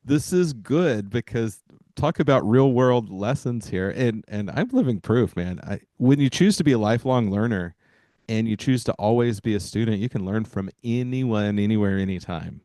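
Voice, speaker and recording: A man's voice: fairly low pitch, lively intonation, moderate pace, warm tone, no echo. A man hosting a podcast who talks in an encouraging, reflective, coaching way. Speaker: podcast host. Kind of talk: casual podcast conversation.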